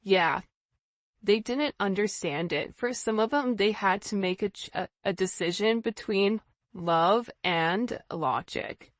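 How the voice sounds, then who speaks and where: Female tarot reader, unhurried and earnest, direct to camera, dry and slightly muffled sound. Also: mid-range voice, dry recording. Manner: intuitive, repetitive, earnest, talks straight to the viewer. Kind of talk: casual tarot reading to camera.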